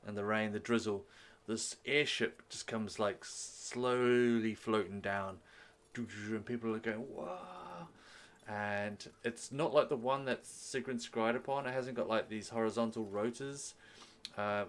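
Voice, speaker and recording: A man narrating a tabletop game as game master, in a rambling, descriptive way with many fillers. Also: lowish voice.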